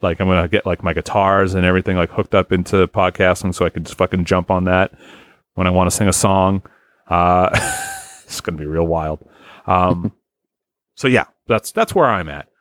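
A man's voice: low-pitched, no room sound, studio quality. A man hosting a podcast in casual chat, rambling and swearing freely with lots of fillers. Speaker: podcast host.

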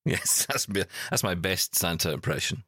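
Man hosting a chatty podcast, low voice, bright tone, lively pitch, dry close sound. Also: normal speed, slightly rough, no echo. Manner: chatty, teasing, jokey. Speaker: podcast host. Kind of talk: casual chat.

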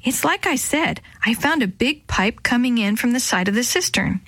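A woman voicing a brave, curious young girl in a storybook, with a higher, eager voice. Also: expressive, moderate pace, a bit bright, no echo.

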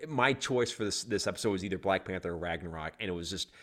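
A man's voice: sits low, animated, fast talker, a bit bright. A middle-aged man co-hosting a casual movie podcast, talking animatedly, laughing often and restarting his sentences. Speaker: podcast co-host. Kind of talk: casual chat about movies.

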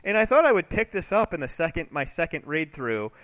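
A man co-hosting a comic-book podcast, chatty and quick to laugh at his own jokes. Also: fairly high pitch, big pitch swings, a bit bright. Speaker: podcast co-host.

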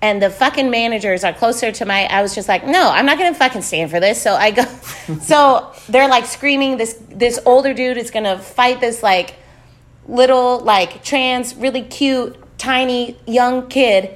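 Animated young woman telling a story. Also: a little high, a little slow. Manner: swears a lot, acts out quotes, laughs often. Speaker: touring musician, podcast guest.

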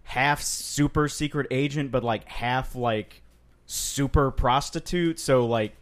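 A man's voice: mid-range voice, slow. A man co-hosting a podcast in casual chat, wry and asking skeptical questions. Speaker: podcast co-host.

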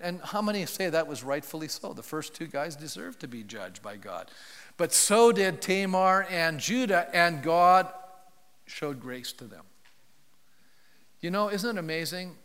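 A man's voice: a little high, a bit bright. A male pastor preaching a sermon in a church, telling a Bible story in a loose, conversational way and asking the congregation questions. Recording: long reverb of a large hall.

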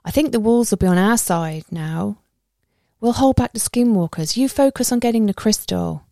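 A woman voicing a calm, wry male companion who speaks in an easygoing way. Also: medium pitch, normal speed, vocal fry, no echo, clean studio sound, voice pushed up, close to an everyday voice. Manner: easygoing, wry, calls people mate. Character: calm, wry adult male wolf-whisperer ally.

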